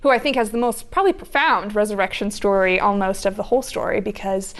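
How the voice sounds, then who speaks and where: A woman's voice: mid-range voice, quick pace. A woman talking about her story in a live onstage conversation, chatty and laughing, searching for words. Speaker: guest author.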